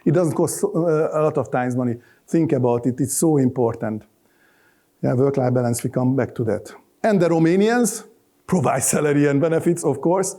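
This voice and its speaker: A man's voice: medium pitch, normal speed, mellow. A middle-aged man with a Hungarian accent, giving a loose, joking conference talk full of restarts and fillers. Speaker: conference speaker. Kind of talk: live conference presentation. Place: conference hall.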